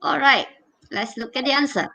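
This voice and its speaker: A woman leads an online English revision class in a bright, crisp voice that sits a little high. She explains each step patiently and keeps checking in with "okay?" and "all right?". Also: moderate pace, rough recording. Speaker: English teacher. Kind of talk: online exam revision lesson.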